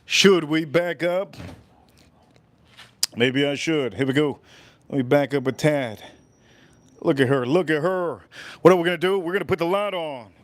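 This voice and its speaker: A man's voice: on the high side, dry recording. Playful, repetitive man hosting a livestream. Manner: repeats phrases, drawn-out and playful. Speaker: livestream host. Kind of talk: casual livestream chat.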